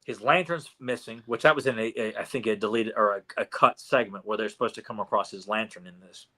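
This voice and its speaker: Bright-voiced man recapping a cartoon. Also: lowish voice, quick pace. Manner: animated, acts out quotes with many restarts. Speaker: podcast co-host. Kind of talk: casual chat recapping a cartoon.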